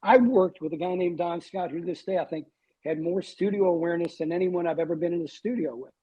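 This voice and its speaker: Husky, mellow older man telling stories. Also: high-pitched, fast talker, muffled recording. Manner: wry, self-deprecating storyteller. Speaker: guest, TV weatherman. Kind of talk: storytelling in a podcast interview.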